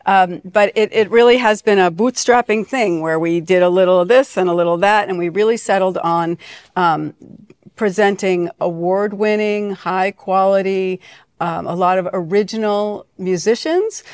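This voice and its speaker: A woman's voice: medium pitch, normal speed, a little mellow, smooth, no room sound, studio quality. A middle-aged woman from Connecticut, guest in an interview, telling her story with many fillers and restarts. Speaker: foundation leader, guest. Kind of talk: conversational interview. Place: venue hall.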